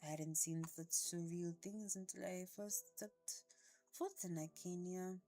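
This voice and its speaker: A woman puts on a mellow, unhurried man with a French accent. He talks softly and stays calm. Faint music plays under the voice. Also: lowish voice, gravelly. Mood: teasing. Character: soft-spoken man, calm cigarette smoker.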